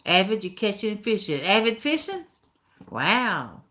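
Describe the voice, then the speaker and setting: A woman's voice: medium pitch, sing-song, a little slow, sharp tone. A woman from Tennessee with an Appalachian accent, hosting a casual live stream, reading chat comments in folksy talk and laughing often. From Tennessee, USA. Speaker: livestream host reading chat.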